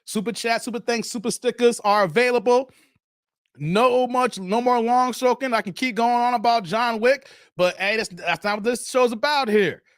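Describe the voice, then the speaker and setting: A man's voice: extremely high pitch, normal speed, dry recording, clean studio sound. A man hosting a casual live stream, chatting loosely with viewers, answering their comments and often tossing in "man". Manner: brash and defiant toward critics.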